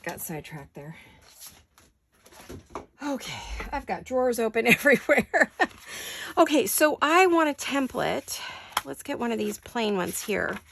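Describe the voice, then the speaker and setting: A woman's voice: on the high side, big pitch swings, unhurried, gravelly, pauses often, fairly bright tone, slight background noise. A woman hosting a craft-along from her home studio, chatting and talking to herself in a rambling, playful way. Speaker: crafting channel host.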